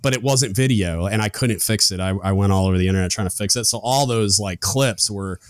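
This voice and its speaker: Deep-voiced man hosting a casual podcast. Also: a little fast, no echo, studio quality. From United States. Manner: rambling, lots of fillers and restarts. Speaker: podcast host. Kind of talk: casual chat.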